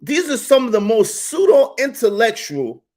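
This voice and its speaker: Animated, high-voiced man hosting a live stream. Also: measured pace. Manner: animated, repetitive, slangy storytelling. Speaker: YouTube live stream host. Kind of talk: casual live-stream commentary.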